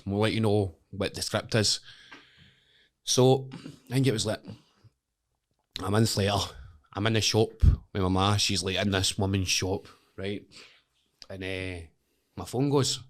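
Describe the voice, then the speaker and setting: Animated Scottish man telling stories. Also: on the low side, a little slow, pauses often. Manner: animated, swearing, acts out voices. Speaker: podcast guest, wrestler. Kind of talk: casual storytelling chat.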